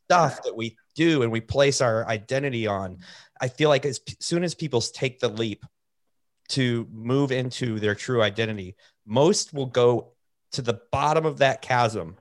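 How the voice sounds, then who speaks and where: A man's voice: mid-range voice, unhurried. A man hosting a casual chat, talking reflectively and building out long metaphors. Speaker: host.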